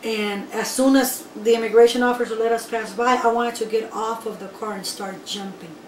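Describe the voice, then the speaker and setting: A woman's voice: fairly high pitch, normal speed. Emphatic woman telling her story. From Guatemala. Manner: emphatic, animated storyteller who addresses the listeners directly. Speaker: interviewee. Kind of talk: personal storytelling interview. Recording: echoey room, voice from far off, faint background noise.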